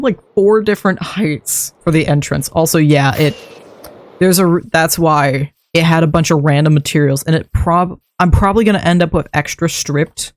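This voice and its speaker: A streamer giving casual gameplay commentary, rambling to themself and chuckling at their own mistakes while building. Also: mid-range voice. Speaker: streamer building a game base.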